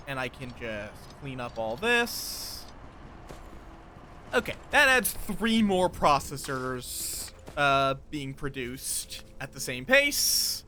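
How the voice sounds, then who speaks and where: A man's voice: a little high, sharp tone, slight background noise. A man casually commenting on his live game stream, chatty and thinking aloud, greeting viewers as he builds.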